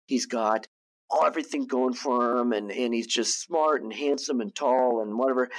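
A man of ordinary pitch tells a story as a podcast guest. He talks casually and often stumbles into restarts and repeated words as he builds the tale. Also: normal speed. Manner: animated anecdote-teller who restarts and repeats words. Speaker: guest, TV producer and director.

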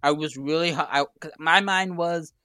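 Teasing bright-voiced male co-host. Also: fairly high pitch, moderate pace, clean tone, no room sound. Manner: teasing, jokey banter. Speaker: podcast co-host. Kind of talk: casual gaming podcast chat.

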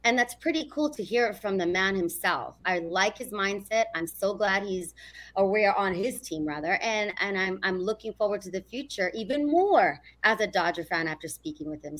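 A woman's voice: medium pitch, lively intonation, moderate pace, fairly bright tone. Upbeat woman podcast co-host. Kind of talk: casual chat.

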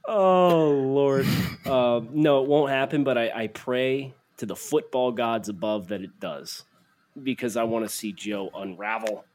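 A man's voice: mid-range voice, fairly even intonation, normal speed, darkish tone. A man co-hosting a casual sports podcast, reading listener takes and teasing his partner. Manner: teasing, joking. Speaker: podcast co-host.

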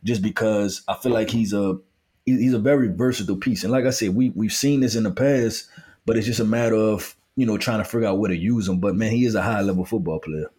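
A man with a fairly low voice co-hosts a relaxed football podcast. He speaks in a measured, conversational way, using fillers as he poses questions to his partner. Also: breathy edge. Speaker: co-host, football analyst. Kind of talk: casual sports analysis chat.

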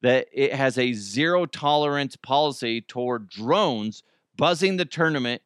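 A man from the United States hosting a casual news commentary podcast, animated and swearing freely, laughing often. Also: mid-range voice, unhurried, smooth, no echo, studio quality. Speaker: podcast host.

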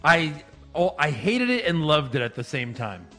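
Lively, bright-voiced male podcast co-host. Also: a little high, moderate pace, soft background music. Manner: agreeable, animated, short reactions and goofy quotes. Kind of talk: casual wrestling recap chat.

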